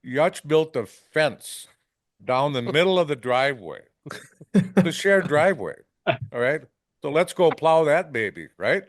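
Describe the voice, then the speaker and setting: A man's voice: on the high side, very animated, measured pace, no echo, clean studio sound. A man from Wisconsin, a fishing guide, telling rambling stories on a podcast, often ending lines with "right?" and acting out salty quotes. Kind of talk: casual storytelling. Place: podcast studio.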